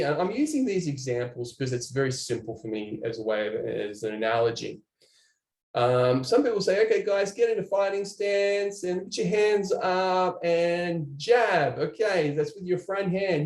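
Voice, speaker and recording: A man giving an online training presentation, animated and chatty, talking to viewers in the chat. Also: medium pitch, reverberant.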